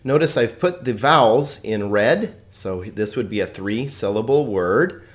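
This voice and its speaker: Greek teacher, voice-over lesson, playful, lively up-and-down delivery, slow careful drills. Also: mid-range voice. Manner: playful, chuckles at own jokes; slow, deliberate word-by-word pronunciation drills. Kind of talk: video lesson on Greek pronunciation.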